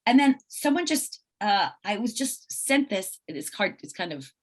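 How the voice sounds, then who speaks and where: A middle-aged woman from Long Island, a guest actress talking casually in an interview over a video call, lively and chatty with frequent restarts. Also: mid-range voice, a little slow. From Long Island, New York.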